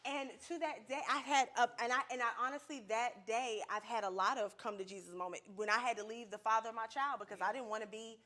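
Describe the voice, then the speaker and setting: Podcast guest: young woman with a high, sharp voice, swearing and laughing through her stories. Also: fast, few pauses. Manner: profane, animated, laughing often. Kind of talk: casual storytelling. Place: podcast studio with a live audience.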